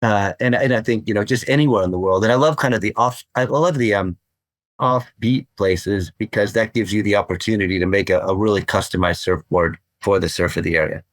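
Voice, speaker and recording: Older man, lowish voice, eager rambling guest, dry close sound. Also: brisk, dry recording. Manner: enthusiastic, rambling, repeats words. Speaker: guest, surfboard craftsman. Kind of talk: podcast interview.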